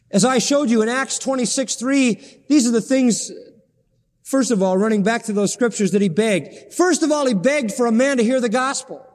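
Man, pastor, sermon, high voice, impassioned pleading, long hall reverb. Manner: impassioned, pleading preaching with sudden rises in pitch.

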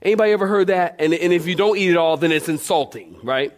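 A man preaching a sermon, telling a funny personal story and reading scripture, with lively repetition and questions to the congregation. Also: a little high, fast. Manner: animated storyteller, repeats phrases, asks the congregation questions. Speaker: pastor.

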